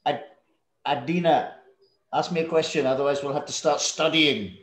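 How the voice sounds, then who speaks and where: A man's voice: a little high, fairly even intonation, normal speed, a bit bright. A man in his fifties with a London English accent, teaching a school English lesson over a video call in a friendly, joking way. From England. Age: 50s. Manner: friendly, joking, draws students out with questions. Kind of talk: online class lesson. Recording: echoey room on a video call.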